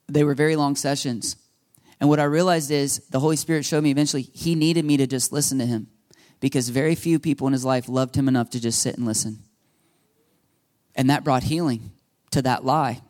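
A man preaching a sermon as pastor, lively and animated, acting out the voices he quotes. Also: medium pitch.

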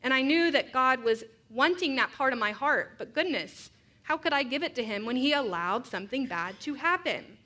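A woman's voice: high-pitched, expressive, normal speed, pushed and bright. A woman preaching a sermon, earnest and reflective, mixing scripture with personal stories.

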